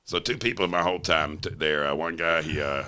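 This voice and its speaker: A man, a podcast guest, telling stories in a casual, animated way and acting out the quotes. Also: extremely low pitch, fairly quick, clear, resonant tone. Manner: animated, laughing storyteller who acts out quotes. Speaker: podcast guest, former strip club bouncer. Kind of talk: casual storytelling.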